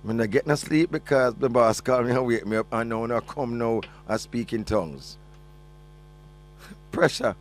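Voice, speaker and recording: A man's voice: medium pitch, normal speed, soft background music. A man with a Jamaican accent hosting a call-in radio show, chatting and joking as he reads listener messages, slipping between patois and English. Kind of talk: casual radio chat reading listener messages.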